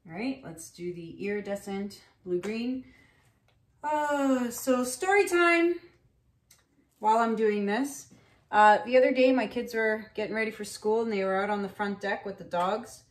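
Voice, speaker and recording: A woman's voice: medium pitch, measured pace. A woman in her thirties, chatting casually and rambling with fillers as she paints and tells a story. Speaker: acrylic pour artist. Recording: echoey room.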